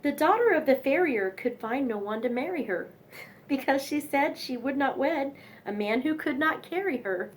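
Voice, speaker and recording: A young woman reading nursery rhymes aloud in a sing-song manner, with chatty asides between poems. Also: sits high.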